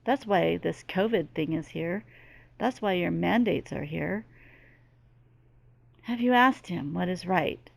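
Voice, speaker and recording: A woman's voice: on the low side, slow pace, gravelly, long pauses, dry recording. A middle-aged woman speaking as a medium in a channeling monologue, earnest and emphatic, with lots of repetition. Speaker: spiritual medium.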